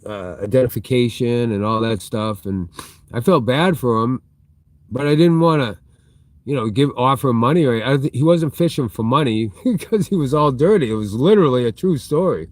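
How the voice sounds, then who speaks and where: A middle-aged man with a voice of ordinary pitch, chatting loosely on a live stream. He wanders through a story and stops now and then to reply to viewer comments. He talks from inside a large store. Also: expressive, brisk, no echo. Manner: chatty, reads and answers viewer chat mid-story. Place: inside a big retail store.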